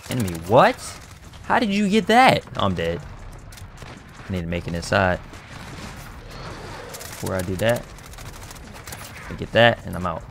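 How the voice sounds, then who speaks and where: A man commentating his own online shooter matches in casual slang, excitable, trash-talking other players and bursting into shouts. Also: sits low, moderate pace, creaky, long pauses, a little hiss or hum. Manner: casual slang-heavy banter. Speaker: gaming YouTuber. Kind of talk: live gameplay commentary.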